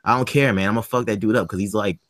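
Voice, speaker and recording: A man with a lowish voice tells a rowdy school story on a podcast, swearing freely and acting out everyone's lines. The sound is dry and close, with no room around it. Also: rapid-fire, no room sound. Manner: animated, profane, acts out quoted dialogue. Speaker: podcast panelist. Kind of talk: casual storytelling chat.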